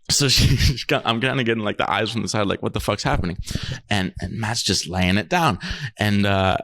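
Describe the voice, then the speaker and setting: A man's voice: fairly low pitch, fairly quick, a bit bright. A young man co-hosting a podcast, telling a rambling story in casual chat, laughing often and swearing freely. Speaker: podcast co-host.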